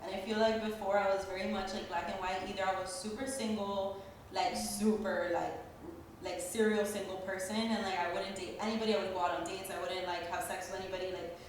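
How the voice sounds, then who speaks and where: A woman's voice: mid-range voice, flat delivery, fairly quick. A young woman in a casual podcast chat, talking in a slangy way full of fillers. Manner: slangy, filler-heavy talk. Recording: roomy distant mic, faint noise.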